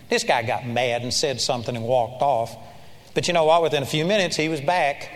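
A man's voice: medium pitch, fairly even intonation, fairly quick. Man preaching a sermon in a reverberant hall. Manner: storytelling, earnest and exhorting.

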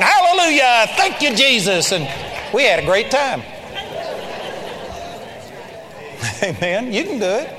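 An older man preaching a sermon, telling personal stories with animated energy and sudden loud shouts of praise. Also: very high-pitched, background noise. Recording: church hall reverb with faint ambience.

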